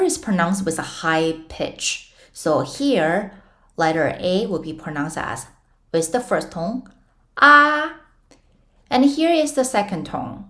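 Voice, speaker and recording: A young woman teaching Mandarin pinyin in a casual online lesson, patiently explaining step by step with playful comparisons. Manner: models tones with sudden high sung-out syllables.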